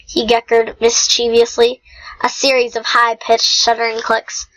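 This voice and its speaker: A woman reading a novel aloud in an unhurried, homemade style, with small slips and throat-clearing. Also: fairly high pitch, flat delivery, fairly bright tone, poor audio. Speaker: reader. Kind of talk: amateur audiobook reading.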